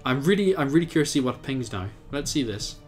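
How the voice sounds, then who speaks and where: A young Irish man giving casual let's-play commentary, thinking aloud, chatty and laughing often, with sudden bursts of excitement. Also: mid-range voice, fast, soft background music. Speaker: game commentator.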